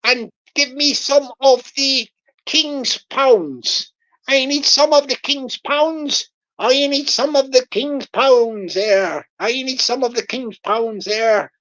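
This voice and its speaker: A woman's voice: high voice, takes it slowly, fairly bright tone. Woman putting on a wheedling scammer farmer. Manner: sing-song, repeats pleas over and over. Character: wheedling male West Country scammer farmer begging money. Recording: dull lo-fi recording.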